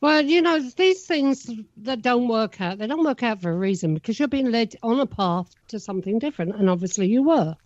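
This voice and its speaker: A woman's voice: on the high side, animated, a little fast, hardly any pauses, darkish tone, no echo. Woman co-host, playful, teasing, dry, muffled lo-fi sound. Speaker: podcast co-host. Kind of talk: casual chat. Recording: dull lo-fi remote audio.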